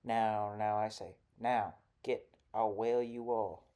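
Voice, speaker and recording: A man voicing a shrill, raging older woman who scolds children in loud, sharply enunciated bursts. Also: steady tone, measured pace, lightly acted. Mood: scolding.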